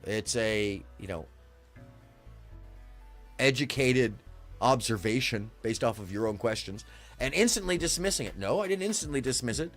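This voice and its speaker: A man's voice: mid-range voice, expressive, moderate pace, long pauses, a bit bright, soft background music. Profane, indignant man ranting on stream. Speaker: livestream host. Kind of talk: heated livestream rant at chat.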